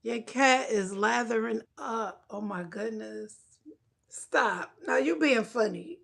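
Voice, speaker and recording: A woman at home livestreaming and chatting casually with her viewers, loud and joking, cursing and talking back to the chat. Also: a little high, slow, creaky.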